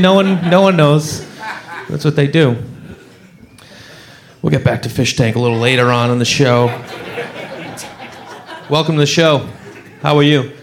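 A man doing stand-up comedy, telling a story and acting out every character's voice with animated swings. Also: fairly high pitch, a little fast, pauses often.

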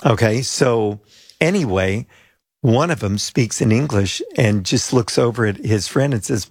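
An older man from the United States tells a long personal story, acting out the voices of the people in it. His voice is husky, and the recording is dry and close with no room sound. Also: medium pitch, unhurried, no room sound. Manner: chatty anecdotal storyteller, acts out quoted voices. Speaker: pastor. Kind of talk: storytelling interview guest.

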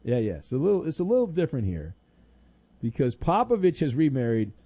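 Animated sarcastic sports radio host. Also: male voice, mid-range voice, a little fast, dry recording. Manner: sarcastic, animated, mock-exasperated. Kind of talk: sports talk radio banter.

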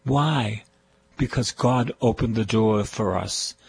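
A man's voice: on the low side, slow pace, gravelly, a little hiss or hum, poor audio. An older man with a Boston accent preaching a fervent radio sermon, repeating phrases of praise. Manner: fervent, repetitive preaching with call-and-response praise.

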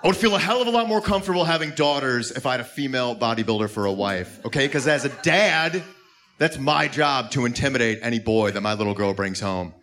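A man doing a stand-up comedy routine, acting out scenes with animated delivery. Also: mid-range voice, quick pace.

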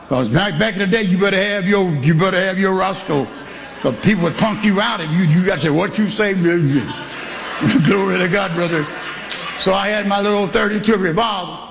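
An older man from Texas, preaching a sermon with shouting and animated storytelling. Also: high-pitched, gravelly. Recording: live church hall with congregation.

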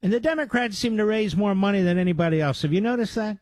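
A man's voice: high voice, fast, a little mellow, no room sound. A man hosting a political talk radio show, combative and sarcastic, with mocking asides to his producer. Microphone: studio microphone.

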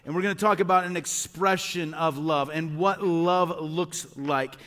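A man's voice: sits high, a bit bright, in a large hall. A male pastor preaching a sermon to his congregation, earnest and repetitive, asking rhetorical questions. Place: church sanctuary.

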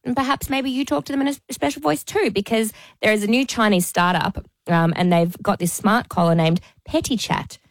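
A woman's voice: on the high side, brisk, few pauses, no room sound. A woman chatting casually as a guest on a radio show. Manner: chatty, rambling.

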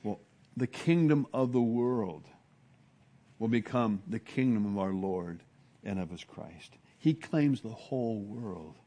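A man preaching an expository sermon in a conversational way, often restarting words and acting out hushed exclamations of awe. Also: fairly low pitch, lively intonation, slow pace.

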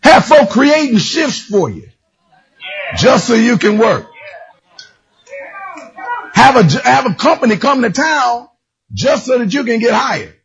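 A man preaches with a high, very husky voice that leaps wildly in pitch. He tells stories in other people's voices, shouts, and slides into half-sung lines. The recording is dull and lo-fi. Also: big pitch swings, a little slow, long pauses. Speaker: pastor. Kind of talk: sermon. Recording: dull lo-fi sound.

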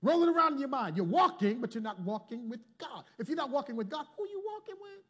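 A man preaching a sermon to a congregation, calling for responses and swinging from loud to hushed. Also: very high voice, big pitch swings, quick pace, slightly rough. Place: church before a congregation.

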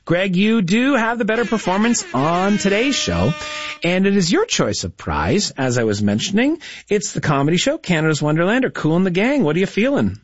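A lively man hosting a radio trivia game, his voice lifting and dipping as he chats with callers. The tone is a touch husky and fairly high for a man. His voice is dry and slightly dull, recorded at a close studio mic. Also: moderate pace, no echo. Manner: lively, chatty and encouraging with callers. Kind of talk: upbeat radio call-in quiz hosting. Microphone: studio broadcast mic.

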